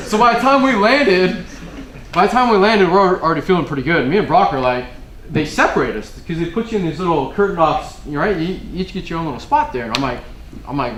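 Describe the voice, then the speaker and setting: A man's voice: on the high side, lively intonation, brisk, echoey room, a little hiss or hum. Laid-back man telling war stories. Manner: laid-back, rambling, grows loud and laughing in funny stories. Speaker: military speaker giving a resiliency briefing. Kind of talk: casual storytelling talk to an audience. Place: room with an audience.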